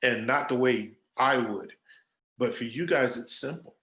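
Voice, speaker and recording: A man answering students' questions in a lively, storytelling way. He often acts out other people's words as he talks. His voice sits at a middle pitch and echoes around the room he is in. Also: a little slow. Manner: animated storyteller acting out quoted voices. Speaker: guest speaker, agency creative director. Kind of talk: casual storytelling Q&A.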